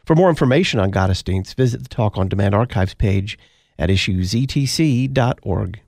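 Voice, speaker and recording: A man hosting a radio talk show who asks questions and reads announcements in a measured, clear delivery. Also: lowish voice, animated, a little mellow, no echo. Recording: dry studio mic.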